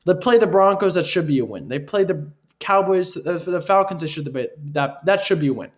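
A man's voice: sits high, lively intonation, fairly quick. A man delivering an opinionated football analysis monologue, emphatic and repetitive, often asking his listeners "right?". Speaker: sports commentator.

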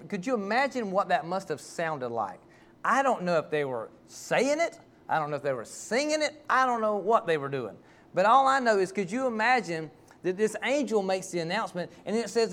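A man's voice: high-pitched, animated, moderate pace, fairly bright tone. A man, a pastor preaching a sermon and telling heartfelt, folksy stories.

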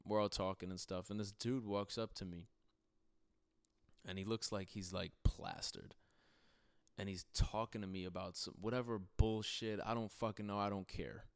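A man's voice: on the low side, fairly even intonation, normal speed, smooth. A man hosting a podcast, casually telling profane, laugh-filled stories about a trip with friends. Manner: laid-back, profane, laughs through his stories. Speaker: podcast host. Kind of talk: casual storytelling chat.

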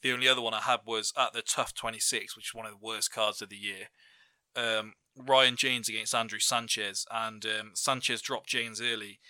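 A man's voice: fairly low pitch, moderate pace, clean tone, no room sound. A man hosting a casual podcast chat with friends, telling stories with lots of laughs. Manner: lively storyteller, laughs often. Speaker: podcast host.

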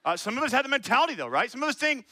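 High, bright-voiced male preacher. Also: big pitch swings, very fast, no room sound. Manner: conversational preaching, playful, acting out voices. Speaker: pastor. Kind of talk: sermon.

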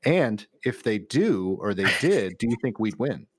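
A man's voice: fairly low pitch, very animated, a little slow, slightly rough, dry recording, studio quality. A middle-aged man co-hosting a podcast in casual chat, easygoing and self-deprecating, with frequent restarts. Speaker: podcast co-host.

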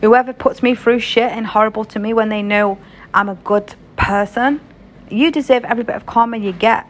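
A woman's voice: a little high, steady tone, moderate pace. A young British woman telling a story in a casual vlog, frank and chatty, swearing freely. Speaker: vlogger.

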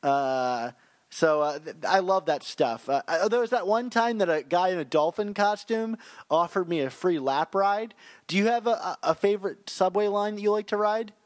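A man's voice: sits high, lively intonation, normal speed, dry recording. A man co-hosting a comics podcast, chatting casually in a playful, teasing way. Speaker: podcast co-host.

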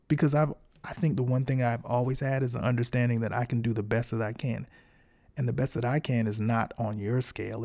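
A man speaking with a gravelly, fry-edged voice in a casual solo podcast monologue. His tone is dark and mellow, and he talks frankly, encouraging his listeners in loose everyday slang. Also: mid-range voice. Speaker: podcast host.

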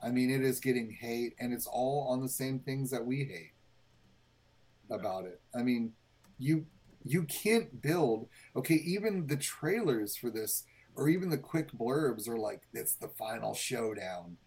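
Husky young adult man, co-host, emphatic, swears, stumbles over words. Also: medium pitch, expressive, unhurried, darkish tone, low-quality recording. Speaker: podcast co-host. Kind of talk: casual movie review chat.

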